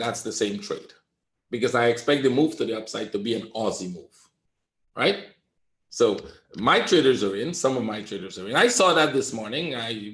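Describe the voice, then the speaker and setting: A man's voice: medium pitch, fairly bright tone, reverberant. Blunt man coaching traders live. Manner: lecturing, blunt, repeats "right?". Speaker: trading coach. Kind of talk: live trading webinar.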